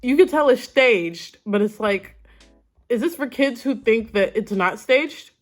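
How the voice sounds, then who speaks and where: A woman's voice: on the high side, expressive, measured pace, soft background music. Chatty, dramatic woman commentator. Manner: chatty and dramatic, laughs often. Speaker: YouTube commentator. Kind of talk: casual reaction commentary.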